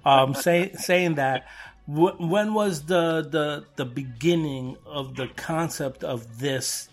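A man's voice: fairly high pitch, takes it slowly, soft background music. A man from Brooklyn hosting a podcast, rambling and self-deprecating in casual chat. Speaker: podcast host.

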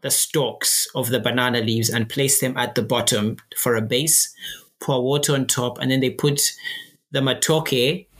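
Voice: medium pitch, fairly even intonation, unhurried, fairly bright tone. A guest from Uganda, chatting in an interview and explaining things step by step with frequent restarts. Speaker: guest, filmmaker. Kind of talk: casual interview chat.

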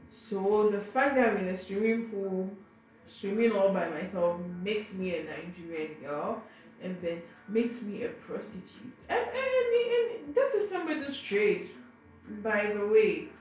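Young woman, casual storytelling, frank, repeats words, mid pitch, very roomy echo. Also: lively intonation, a little slow, a little mellow, soft background music. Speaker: vlogger. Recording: very echoey room, faint background noise.

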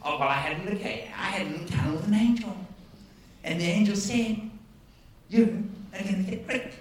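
A man voicing Zacharias, an old priest bursting to share news, in a loose, excitable storytelling way, heard from a distance in a large echoing hall with an audience. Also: sits high, fairly quick, a little hiss or hum, natural voice. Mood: excited.

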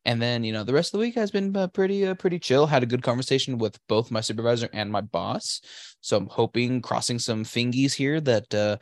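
A man from the Pacific Northwest co-hosts a podcast, ranting, cursing and getting sarcastic about his week in casual chat. His mid-range voice moves fairly quickly, and the recording is dry and studio quality.

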